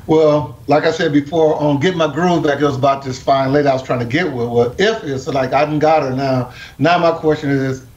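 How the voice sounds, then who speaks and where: A man's voice: a little high, a little fast, hardly any pauses. A man, a guest songwriter, chatting casually on a radio show about his songs, often repeating words. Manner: relaxed, repeats words while talking. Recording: echoey, dull, lo-fi with faint hiss.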